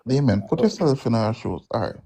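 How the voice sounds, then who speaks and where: A man's voice: mid-range voice, sing-song, fairly quick, mellow, a little hiss or hum, rough recording. A man with a Jamaican accent who explains his point step by step in casual talk, saying "see" again and again. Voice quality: gravelly, husky. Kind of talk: casual chat.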